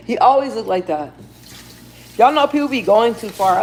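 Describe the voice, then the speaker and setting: A young woman chatting casually on a livestream, slangy and relaxed as she talks to her viewers and her dog. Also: fairly high pitch, normal speed, slight background noise. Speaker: livestream host.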